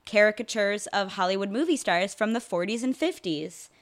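A woman's voice: medium pitch, expressive, moderate pace. A young woman co-hosting a casual podcast chat about a film, talking loosely with lots of filler words. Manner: chatty, many "like" fillers, quotes song lyrics. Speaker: podcast co-host.

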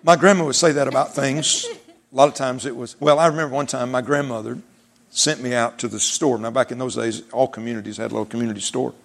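A man's voice: medium pitch, fairly even intonation, fast, gravelly. A man preaching a sermon in an emphatic, repetitive way, mixing in folksy humor.

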